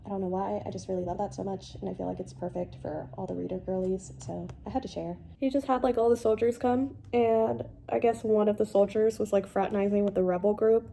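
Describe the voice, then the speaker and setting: A young woman in her twenties talks through a book she is reading in a loose, chatty way, full of fillers and exasperated asides. Her pitch sits in an ordinary middle range. Faint room noise hums underneath. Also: fairly even intonation, fairly quick, vocal fry, hardly any pauses, mellow. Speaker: book vlogger. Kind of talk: casual reading vlog.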